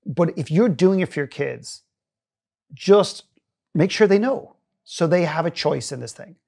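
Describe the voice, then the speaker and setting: A man's voice: a little high, measured pace, gravelly. A middle-aged man, a guest and inspirational speaker, telling stories earnestly in a long interview, often restarting his sentences. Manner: earnest, animated storytelling with frequent restarts. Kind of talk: storytelling in a long-form interview.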